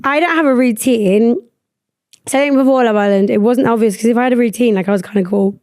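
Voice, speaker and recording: A young woman hosting a podcast, talking in a rambling, animated way and swearing freely. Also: on the high side, fast talker, no room sound, studio quality. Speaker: podcast host. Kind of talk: casual chat.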